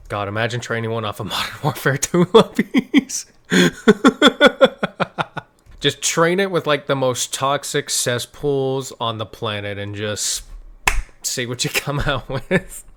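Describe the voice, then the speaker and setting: A man's voice: medium pitch, animated, measured pace, fairly bright tone. A man hosting a reaction video, rambling casually and laughing often, a little stuffy from allergies.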